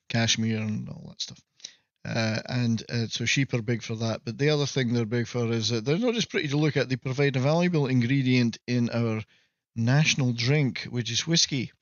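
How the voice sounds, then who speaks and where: A Scottish man at a mid pitch talks loosely to his stream audience, wandering off on tangents and poking fun at himself. His voice comes through a little dull and muffled, with a dry and close sound. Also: no room sound. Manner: rambling, self-mocking joker. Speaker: livestream host. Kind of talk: casual livestream chat. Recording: slightly muffled, dry audio.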